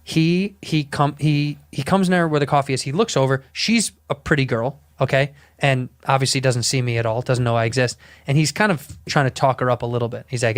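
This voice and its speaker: A man spins a long anecdote in casual talk, swearing freely and tripping over his own restarts. His voice is smooth and clear at a middle pitch. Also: fairly even intonation, brisk. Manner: rambling, profane, self-interrupting. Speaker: podcast storyteller. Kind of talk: casual chat storytelling.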